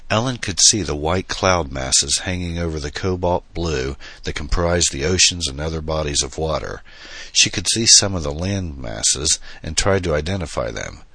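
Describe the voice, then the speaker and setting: Very deep, bright-toned male narrator. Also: slightly rough, dry recording. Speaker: audiobook narrator. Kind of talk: scripted narration.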